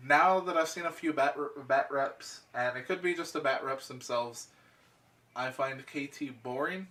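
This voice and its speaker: A man's voice: medium pitch, moderate pace, distant mic. A man casually hosting a tabletop gaming podcast, bantering loosely and swearing freely. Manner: relaxed, profane banter. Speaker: podcast host. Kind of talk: casual chat.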